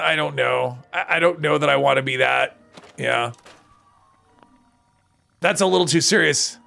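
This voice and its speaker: A man talking casually during a live gaming stream, his voice heavily gravelly and bright, worn and strained with fatigue. He reads the chat and replies as he plays, and faint music runs behind him. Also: on the high side. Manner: chatty, reads and answers chat between game reactions. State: strained, tired voice.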